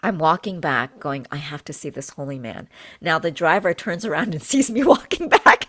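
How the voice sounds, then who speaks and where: A woman's voice: lowish voice, moderate pace. A woman, a healer and podcast guest, earnestly recounting a personal spiritual experience, repeating phrases for emphasis and acting out what was said. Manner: animated, acts out her own and others' words. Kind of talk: emotional personal storytelling.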